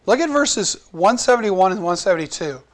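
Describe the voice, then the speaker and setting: A man with a notably high voice delivers a sermon. He talks earnestly and conversationally, breaking off to restart thoughts and put questions to his listeners. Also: expressive, fairly quick. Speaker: pastor.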